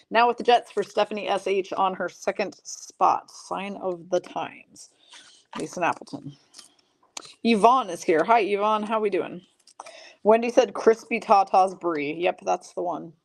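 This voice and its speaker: A woman hosting a live card break stream, chatty and self-mocking. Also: mid-range voice. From Michigan. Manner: chatty, self-mocking, rattling off names quickly.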